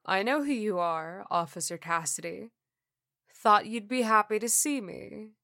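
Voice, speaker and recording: A woman voicing a young husband who speaks calmly and gently, in an audiobook reading. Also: medium pitch, measured pace, gravelly, no room sound, clean studio sound, full character voice. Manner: soft, calm reassurance. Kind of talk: audiobook character voice.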